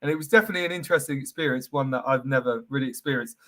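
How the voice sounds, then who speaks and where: A man's voice: mid-range voice, rapid-fire, pushed and bright. A young man, co-hosting a casual football chat show with joking, rambling banter. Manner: jokey, rambling, laughs often. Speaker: co-host.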